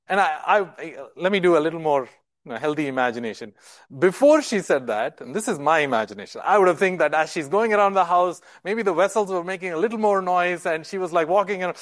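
A man's voice: sits high, animated, brisk, a bit bright, no room sound. A male preacher giving a sermon in an emphatic way, often repeating words and asking rhetorical questions.

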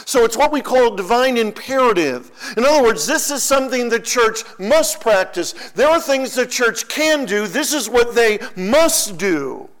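A man's voice: extremely high pitch, big pitch swings, a little slow, hardly any pauses. A man preaching a sermon as pastor, emphatic and repeating key phrases for weight.

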